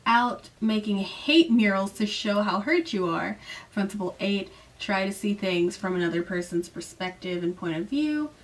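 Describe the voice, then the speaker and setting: A woman casually recapping a novel in a chatty, sarcastic way, acting out the characters' lines with jumps in pitch. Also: lively intonation, normal speed, recorded from a distance. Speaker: book recap vlogger.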